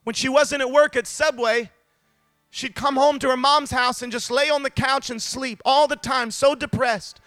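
A man preaching a sermon to a congregation, fervent and building to shouted climaxes, calling out to the listeners. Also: very high voice, steady tone, moderate pace, no echo. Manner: calls out to the congregation.

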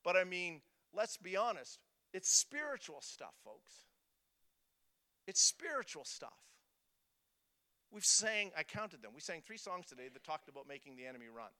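A man preaching a sermon in a church, emphatic and repetitive, swinging between loud declarations and soft, low asides. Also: very animated, normal speed. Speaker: pastor.

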